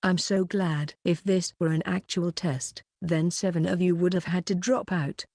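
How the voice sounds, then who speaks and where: A woman's voice: fairly low pitch, fairly even intonation, moderate pace, a little mellow, dry recording, clean studio sound. A woman doing a cold, mocking teacher. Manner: cutting, mocking. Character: stern cold female homeroom teacher.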